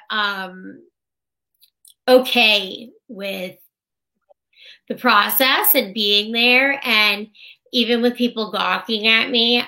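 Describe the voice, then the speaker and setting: A woman's voice: on the high side, pushed and bright. A woman guest in an interview, chatting casually and acting out other people's lines as she tells stories. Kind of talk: casual personal storytelling.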